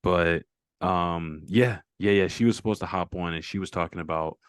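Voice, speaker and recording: A man's voice: deep voice, moderate pace, clear, resonant tone, no echo, clean studio sound. A man hosting a casual fitness check-in over a video call, encouraging and affirming his guest often. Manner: encouraging, lots of "mm-hmm" affirmations. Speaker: fitness coach and host.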